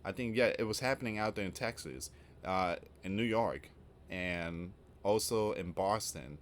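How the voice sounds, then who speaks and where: Low-voiced man giving casual news commentary. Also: a little slow, a little hiss or hum. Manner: rambling, informal, reads out news then comments.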